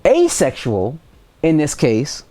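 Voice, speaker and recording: A middle-aged man teaching a high school science lesson on TV in a casual, joking, conversational way. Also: huge pitch swings, slow, dark tone. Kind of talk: televised classroom lesson.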